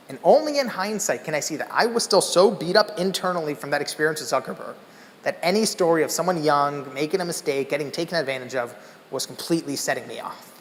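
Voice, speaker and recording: A man from Los Angeles telling an animated story in a keynote talk, acting out the people in it. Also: a little high. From Los Angeles, USA. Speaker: keynote speaker. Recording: echoey conference hall.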